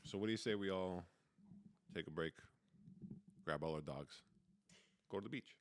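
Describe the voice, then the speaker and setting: A man's voice: low-pitched, normal speed, no echo. A man co-hosting a podcast, chatting casually with short, dry remarks. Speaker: podcast co-host. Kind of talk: casual chat.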